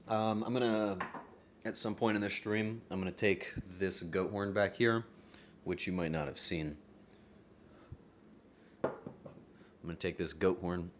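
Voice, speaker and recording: A man streaming live from his home setup, rambling casually with sudden loud outbursts and soft asides. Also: sits low, fairly even intonation, measured pace, pauses often, background noise.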